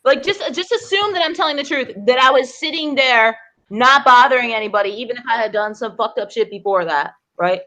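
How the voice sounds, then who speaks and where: A woman arguing heatedly on a livestream as a guest, profane and combative, shouting other people down. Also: on the high side, brisk.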